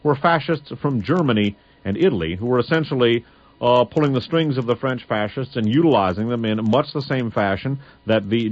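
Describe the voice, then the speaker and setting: A man hosting a spoken history commentary, reading long excerpts aloud and deliberately spelling out names letter by letter, on a dull lo-fi recording. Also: fairly low pitch, no room sound.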